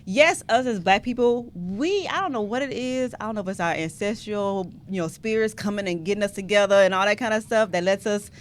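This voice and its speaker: A woman's voice: medium pitch, a little fast, hardly any pauses. A woman hosting a podcast, giving her opinions in casual chat and laughing often. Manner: animated, laughs often, emphatic. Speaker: podcast host.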